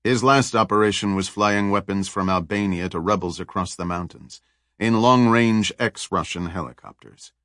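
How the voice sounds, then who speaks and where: A man reading a grim male fixer, low and flat. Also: moderate pace, no room sound, clean studio sound, close to an everyday voice.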